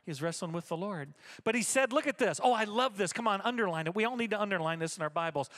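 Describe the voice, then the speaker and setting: A man's voice: high voice, expressive, quick pace, a bit bright. A middle-aged male pastor preaching a sermon at a church service, emphatic and repetitive as he rallies the congregation.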